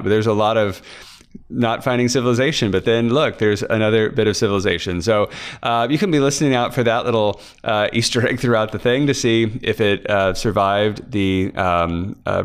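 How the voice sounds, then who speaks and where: A man from Kansas hosts his podcast, chatting casually about his writing. His voice sits a little low and sounds smooth and clear. He rambles, with frequent fillers and false starts. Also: fairly quick. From Kansas, USA. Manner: rambling, many fillers and restarts. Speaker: author and podcast host. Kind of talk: casual behind-the-scenes chat.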